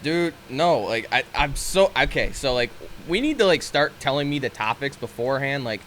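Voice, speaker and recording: A man co-hosting a casual podcast, blunt and swearing freely, with loud bursts of disbelief. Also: mid-range voice, animated, moderate pace, slight background noise. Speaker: podcast co-host.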